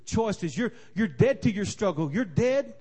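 A man preaching a sermon, repeating his key lines and building to forceful emphasis. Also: sits high, animated, measured pace, slightly rough.

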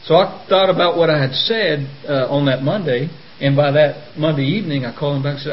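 Man, studio guest, earnest measured testimony, slightly high voice, faint hiss, dull sound. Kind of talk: testimony in conversation.

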